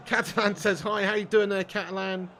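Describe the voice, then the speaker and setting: A man's voice: sits high, level tone, normal speed, pushed and bright. A man live-streaming a football game, bantering casually with his chat, reading out comments and swearing freely.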